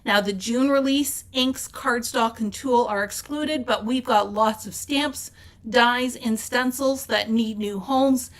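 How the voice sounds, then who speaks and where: A woman hosts a casual update for a craft store, talking over slides. Her voice sits a touch high. She chats in an upbeat, easygoing way with plenty of ums and uhs. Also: slow pace. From Canada. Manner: chatty and upbeat, with fillers. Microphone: off-camera mic with slides.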